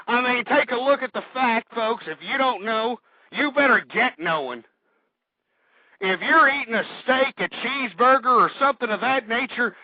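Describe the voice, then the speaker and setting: A man rants on talk radio in a high voice, hostile and swearing as he goes. He sounds a little out of breath. The broadcast is dull and lo-fi, with a dry, close sound. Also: lively intonation, moderate pace, no room sound. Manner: hostile, ranting, swears often. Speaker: radio talk show host. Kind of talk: ranting talk radio monologue.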